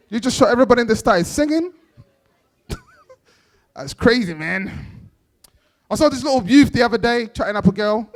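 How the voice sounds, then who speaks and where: A young man doing stand-up at an awards event, playfully teasing the kids in the audience in street slang. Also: sits high. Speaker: stand-up comedian.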